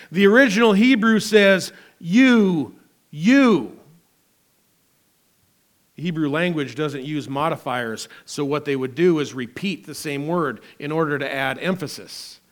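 A male pastor preaching a sermon, emphatic and dramatic, swinging between loud declarations and quiet asides. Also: on the high side.

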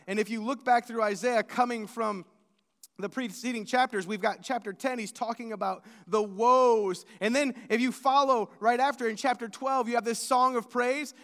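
This pastor's high, fairly bright voice carries through long hall reverb as he preaches. He speaks earnestly and conversationally, frequently stammering and restarting what he's saying.

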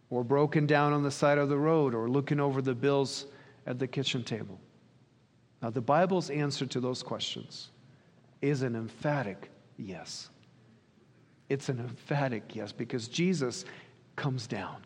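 A man gives a sermon to a congregation, earnest and full of questions. His voice sits a little high. It rings out in a hall with a long, lingering reverb. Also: a little mellow. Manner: earnest, questioning, acts out quoted dialogue. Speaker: pastor.

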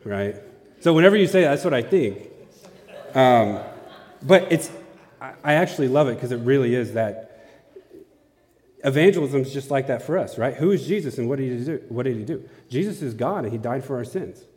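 A man's voice: mid-range voice, lively intonation, normal speed, darkish tone. A man giving a casual, conversational sermon in a church, often checking in with his audience. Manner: casual, asks the audience questions. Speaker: preacher. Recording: long hall reverb.

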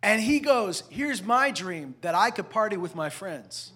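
Husky, animated male preacher. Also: high-pitched, measured pace. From parents from the American South. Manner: animated, swings between loud emphasis and quiet asides. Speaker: pastor. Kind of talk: sermon.

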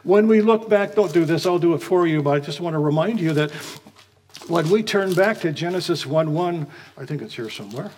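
A man preaching a morning sermon in a measured way, slowing down when he reads scripture aloud. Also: on the high side, lively intonation, a little mellow, slight background noise. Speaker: pastor.

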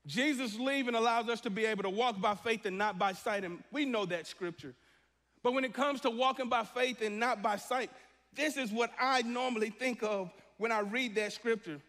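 Male pastor preaching, high voice, long church reverb; lively, shifts to a hushed voice for acted prayers. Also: moderate pace. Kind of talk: sermon. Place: church sanctuary.

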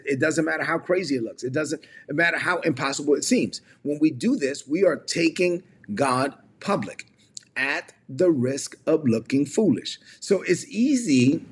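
A man's voice: a little high, breathy edge. A man teaching in sermon style, emphatic and repetitive, often acting out the people he quotes. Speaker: preacher and mentor. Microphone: online stream.

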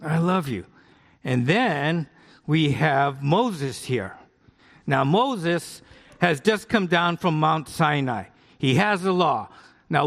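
A middle-aged American pastor preaching in a conversational way, often asking the congregation questions. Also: male voice, fairly high pitch. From United States. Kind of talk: sermon with live demonstration. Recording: long hall reverb.

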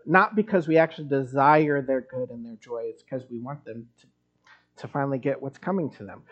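Man, pastor, sermon, conversational, slightly high voice, muffled recording. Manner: conversational, wry asides.

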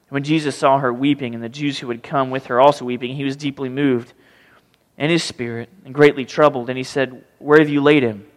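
In a big hall, a male pastor with a medium-pitched voice delivers a brisk sermon. He reads from scripture and animatedly performs the pleas of the characters in it.

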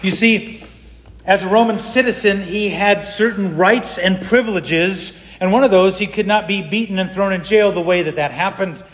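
Brief: male pastor, middle-aged, from California, high voice, storytelling sermon delivery, echoing hall. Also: moderate pace. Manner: storytelling, acts out the people he quotes. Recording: long hall reverb.

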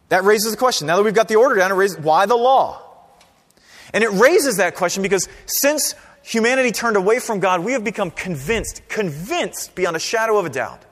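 Lively high-voiced man preaching in a hall. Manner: conversational, animated preaching with frequent "right?" and "okay?". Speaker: pastor. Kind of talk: sermon.

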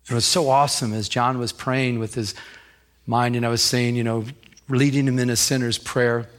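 A man's voice: medium pitch, flat delivery, normal speed. A man preaching a sermon as pastor, telling a personal story and building to fervent, emphatic preaching.

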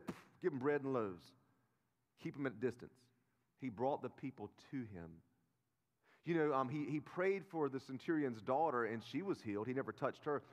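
A pastor preaches to his congregation in a loose, conversational style, leaning hard into emphatic phrases before dropping to quiet earnestness. His voice sits at an ordinary middle pitch for a man. A long reverb trails his words through the church hall. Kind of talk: sermon. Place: church auditorium.

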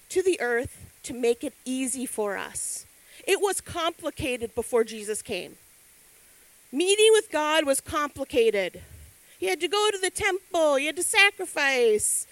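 A middle-aged woman giving a sermon, telling stories with lively acted-out quotes. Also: high-pitched, no echo, rough recording. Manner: animated storytelling with acted quotes. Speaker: speaker.

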